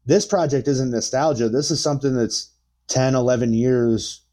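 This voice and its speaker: A man in his thirties telling a story in casual, profane chat, rambling with lots of fillers and getting animated. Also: medium pitch, moderate pace. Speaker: podcast guest.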